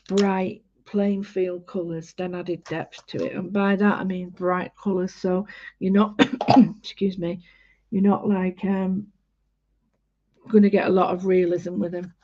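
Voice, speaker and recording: A woman's voice: lowish voice, little pitch movement, dark tone. Chatty woman demonstrating painting, lo-fi. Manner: chatty, halting, many fillers. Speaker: art tutorial host. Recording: dull lo-fi home recording.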